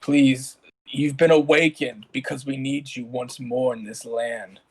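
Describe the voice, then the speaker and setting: A man voicing a solemn, measured king. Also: mid-range voice, little pitch movement, breathy edge, no room sound, rough recording. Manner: slow, measured pleading. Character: solemn male king, calm ruler.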